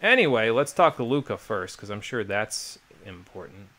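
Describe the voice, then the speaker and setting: A man's voice: fairly low pitch, big pitch swings, normal speed, sharp tone. An American man streaming a game live, talking casually with sarcastic, profane, rambling asides. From United States. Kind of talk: live let's play commentary.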